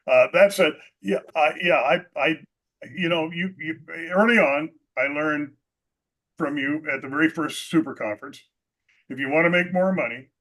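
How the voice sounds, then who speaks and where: Animated man with a slightly high voice. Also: normal speed. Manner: animated, laughs often, self-assured. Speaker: guest real estate agent. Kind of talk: casual interview chat.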